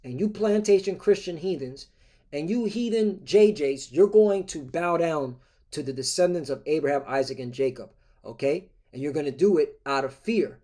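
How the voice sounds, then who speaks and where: A man's voice: fairly high pitch, animated, normal speed, mellow. A man preaching a scripture-reading sermon, reading verses aloud and breaking in with constant "all right? okay?" check-ins, in a combative tone.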